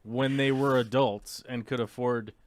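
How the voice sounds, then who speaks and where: A man hosting a casual live talk show, rambling and animated with mocking asides. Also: medium pitch, unhurried, dry recording. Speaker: podcast host.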